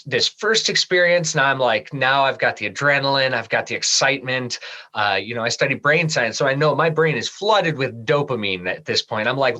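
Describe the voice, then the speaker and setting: A middle-aged man from Michigan telling a personal story as a podcast guest, lively in the telling and falling soft and low at the serious moments. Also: low-quality recording. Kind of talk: storytelling in an interview.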